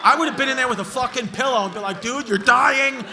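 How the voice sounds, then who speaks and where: A stand-up comedian with a very high-pitched voice races through crowd work, mocking hecklers in a brash, profane way before a live audience at a large comedy club. Laughter from the crowd fills the background of this live recording with crowd noise.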